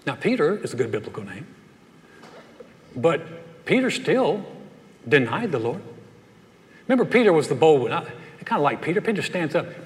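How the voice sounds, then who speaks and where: A man from North Carolina preaching a sermon, telling stories in a folksy way and acting out the voices of the people in them. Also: fairly high pitch. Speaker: pastor. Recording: long reverb of a large hall.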